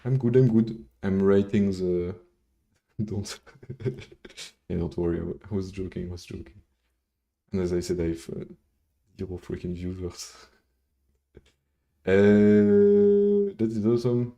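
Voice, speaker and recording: This coding livestreamer, a native French speaker, has a low, warm, creaky voice and talks at a moderate pace with frequent pauses. The recording sounds muffled as he rambles, swears casually and chats with viewers between steps.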